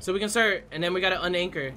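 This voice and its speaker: A man's voice: high voice, very fast, pushed and bright, a little hiss or hum. A young man streaming a game with friends over a headset, swearing a lot and breaking into panicked shrieks and laughter when scared. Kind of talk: casual gaming chat.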